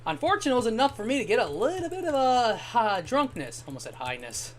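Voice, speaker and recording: His voice sits extremely high and swings widely in pitch as he talks fast. He's a young man casually chatting during a game stream, rambling through long anecdotes and swearing from time to time.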